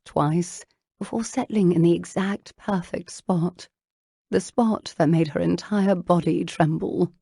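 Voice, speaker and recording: Low gravelly woman narrator. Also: dry recording, studio quality. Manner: slow, intimate, hushed reading. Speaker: audiobook narrator. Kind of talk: scripted romance narration.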